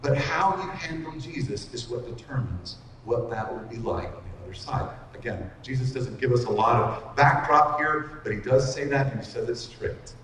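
A middle-aged man preaching an expository sermon, earnest and slowing down to stress key lines. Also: mid-range voice, animated, fairly bright tone, slight background noise. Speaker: pastor. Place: large hall with long reverb. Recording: echoey hall from far off.

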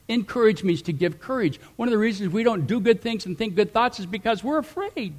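Man preaching, middle-aged, slightly high voice, very lively, loud then soft. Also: a little fast, hardly any pauses. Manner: animated preaching with sudden loud rises and soft drops. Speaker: pastor. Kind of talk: sermon.

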